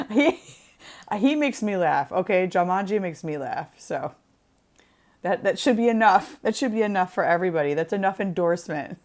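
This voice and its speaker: A woman's voice: fairly low pitch, expressive, normal speed, long pauses. A young woman chatting casually on a craft livestream. She jokes, laughs easily and greets viewers by name as they arrive. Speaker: co-host.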